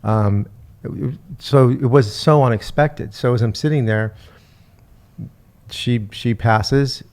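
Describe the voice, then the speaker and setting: Casting: middle-aged male podcast host, gravelly, halting, emotional storyteller. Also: mid-range voice, darkish tone. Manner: halting, repeats words, retells talks with his mother.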